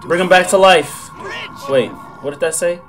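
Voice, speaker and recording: A young man giving excitable, slangy live commentary on a game, with loud outbursts. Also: sits high, unhurried, faint music behind. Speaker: gaming creator.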